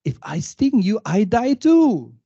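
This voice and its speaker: A man's voice: high voice, sing-song, slow pace, warm tone, breathy edge, dry recording, dull audio, pitched above the performer's own voice, full character voice. A man voicing a sly scorpion in a fable he tells on a panel. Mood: pleading.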